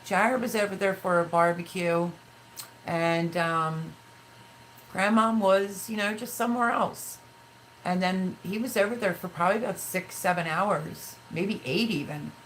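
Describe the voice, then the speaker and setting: A woman's voice: fairly low pitch, a little slow, a bit bright, a little hiss or hum, poor audio. A woman in her fifties hosting a casual livestream, reading viewer comments aloud and telling personal stories with feeling. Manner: chatty, emotional storytelling, reads viewer comments aloud. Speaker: livestream host.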